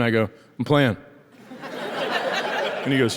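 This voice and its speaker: A man's voice: mid-range voice, normal speed, long pauses, crowd noise. A man from rural Minnesota doing a stand-up comedy set, telling stories and acting out the voices of people in them. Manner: animated storytelling with acted-out voices. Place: large theater stage. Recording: live hall reverb with audience noise. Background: audience laughter and cheering.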